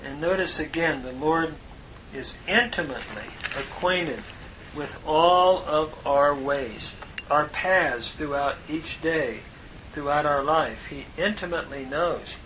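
A man lectures on grammar at a very slow, deliberate pace, his voice fairly high and bright. He pauses often with "uh" fillers while he works through each term. A faint low rumble sits under the recording. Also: low-quality recording. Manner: measured, pauses with many "uh" fillers, spells out Hebrew terms. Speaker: Hebrew grammar teacher.

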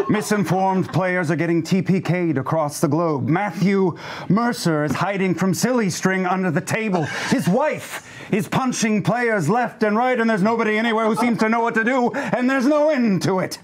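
Man, mock campaign speech, impassioned oratory, high voice, pitch swooping up and down. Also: animated, moderate pace. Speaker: cast member of a tabletop game show.

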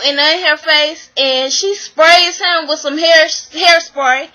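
Bright high-voiced woman recapping a show. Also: takes it slowly, low-quality recording. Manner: animated, exasperated, acts out the people she quotes; slangy, swears freely. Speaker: vlogger recapping a reality show. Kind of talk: casual recap and commentary.

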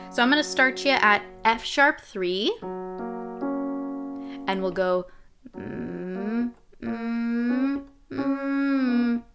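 A young adult woman teaching a live singing lesson as a vocal coach, explaining clearly and demonstrating sounds. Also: medium pitch.

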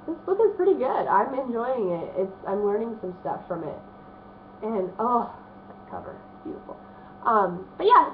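A woman in her thirties talks about her new books in a rambling, chatty way, full of fillers. She sounds congested, as if she has a stuffy nose. The audio is thin and phone-like, with a faint hiss behind her. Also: medium pitch. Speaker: vlogger showing a book haul. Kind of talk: casual chat.

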